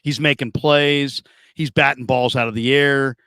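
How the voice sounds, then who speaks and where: Middle-aged sports radio guy, raspy and bright, keeps restarting his sentences, dry close sound. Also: medium pitch, unhurried, no echo. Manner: animated, stammering restarts, lively storyteller. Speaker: sports talk show host. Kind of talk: casual storytelling and sports talk.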